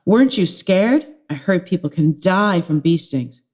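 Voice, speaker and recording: A woman's voice: lowish voice, expressive, measured pace, darkish tone. A woman voicing a gushing fourth-grade girl who coos and fusses adoringly over a boy, in a children's storybook reading. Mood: fussing. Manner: breathless, cooing and swooning.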